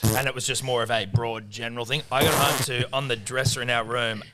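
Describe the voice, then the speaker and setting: Aussie co-host, bright voice, swears a lot, animated storytelling. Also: male voice, medium pitch, a little fast, slight background noise. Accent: Australian. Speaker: podcast co-host. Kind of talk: casual sports betting chat.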